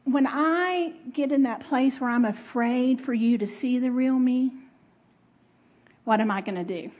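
A middle-aged woman gives a sermon in a chatty, expressive way, often laughing and talking with her listeners. Her voice is husky and sits a little high. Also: measured pace, dull audio. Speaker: speaker. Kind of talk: conversational sermon.

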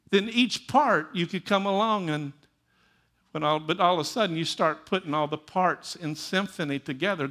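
Pastor preaching with a slightly high voice. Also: male voice. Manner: swings between loud emphatic lines and quiet asides; storytelling, repeats phrases for emphasis. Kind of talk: sermon.

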